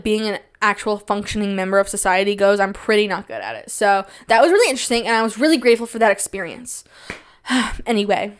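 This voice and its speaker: A young woman hosting a podcast, telling stories in a rambling, self-deprecating monologue with big jumps in pitch when she quotes people. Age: young adult. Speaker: podcast host. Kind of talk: casual storytelling monologue.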